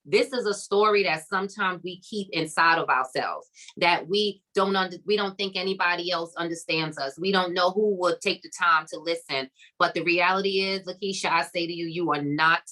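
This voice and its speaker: Speaking at a moderate pace to a live online audience, a summit host delivers an encouraging faith-based talk, bright and emphatic in a preacher-like way. She keeps repeating phrases with "come on" and "okay" in a lowish voice, and the audio quality is low.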